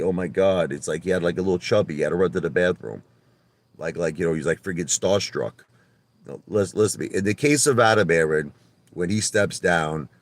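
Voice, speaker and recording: A livestream host with a Brooklyn New York accent rants casually from his car. He's animated and profane, lurching between loud outbursts and low muttering.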